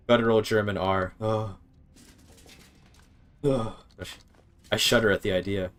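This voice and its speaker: A man streaming gameplay in casual chatter, thinking aloud, sounding out words haltingly and swearing now and then. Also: on the low side, fairly even intonation, a bit bright.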